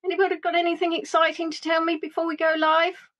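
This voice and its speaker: A woman's voice: very high voice, flat delivery, fast talker, fairly bright tone. A woman chatting casually as a livestream tour guide, greeting viewers by name and joking about herself. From England. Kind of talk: casual live chat with viewers.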